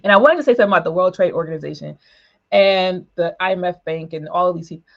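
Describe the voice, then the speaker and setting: A woman speaking emphatically in a political broadcast discussion, with quick asides and short laughs. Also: on the low side, highs cut off. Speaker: panelist for a women's political organization.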